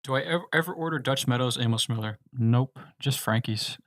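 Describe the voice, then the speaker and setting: A man's voice: mid-range voice, a little fast, a bit bright, dry recording, studio quality. A man from the United States hosting a casual livestream, reading viewer questions aloud and answering them in a loose, laid-back way. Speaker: livestream host answering chat.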